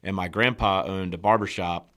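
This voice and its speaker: A man's voice: sits low, normal speed. A young man, telling stories as a podcast guest in casual chat and acting out the quotes. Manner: animated storyteller acting out quotes. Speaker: podcast guest, small business owner.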